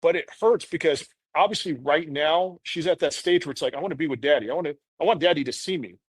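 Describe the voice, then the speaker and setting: A man's voice: a little high, quick pace, husky, dry recording. A man in his thirties, a podcast guest, telling a candid personal story in an earnest, rambling way full of "you know".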